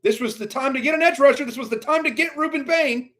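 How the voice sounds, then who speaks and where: A man with a high-pitched voice rants through a live draft reaction stream. He mutters low and grumbling, then bursts out louder in exasperation. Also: quick pace. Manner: exasperated ranting, swings from muttering to outbursts.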